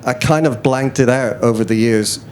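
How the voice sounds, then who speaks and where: A man's voice: mid-range voice, normal speed, a little mellow, slight background noise. A man being interviewed on stage at a festival, talking in a rambling, self-deprecating way full of hesitations. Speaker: interview guest, musician. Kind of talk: casual live stage chat. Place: festival chat tent before an audience.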